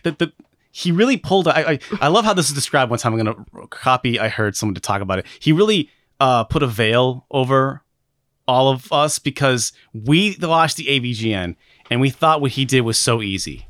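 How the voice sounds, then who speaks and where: Male podcast co-host, mid-pitched, profane and rambling, dry close mic. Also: animated, a little fast, fairly bright tone, dry recording. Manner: rambling, profane, self-deprecating, with many restarts. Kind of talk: casual chat.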